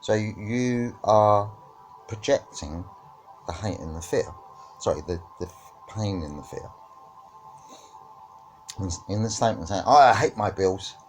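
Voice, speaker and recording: A man's voice: lowish voice, measured pace, long pauses, a little hiss or hum. A man teaching about witchcraft and spirituality in a reflective discussion, often checking in with "right?" and "yeah?".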